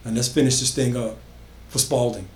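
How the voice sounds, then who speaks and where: A man's voice: medium pitch, steady tone, normal speed, slight background noise, lightly acted. Man doing a resolute young man, firm, rallying, plain mid voice, echoey room.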